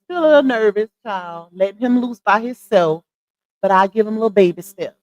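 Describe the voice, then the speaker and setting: A middle-aged woman, chatting casually with viewers on a live stream and giving her opinions in an animated, talkative way. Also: medium pitch, normal speed, dry recording, low-quality recording. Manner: chatty, animated, addresses viewers as y'all and child. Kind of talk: casual chat commentary.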